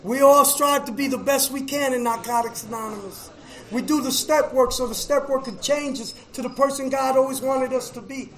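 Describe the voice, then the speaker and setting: A middle-aged man telling his recovery story to a meeting, emotional, with a preacher-like rhythm, going from hushed to shouting and repeating "man.". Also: very high voice, fairly even intonation, normal speed, reverberant, rough recording. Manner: preacher-like, repeats phrases, says "man" often. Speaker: recovery speaker at a fellowship meeting. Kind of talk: personal testimony to an audience.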